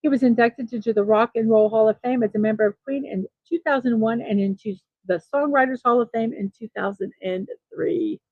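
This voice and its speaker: A woman's voice: fairly high pitch, a little fast, hardly any pauses, no echo, narrow, tinny audio. A woman hosting a daily morning show, reading birthday and trivia notes aloud with small personal asides between items.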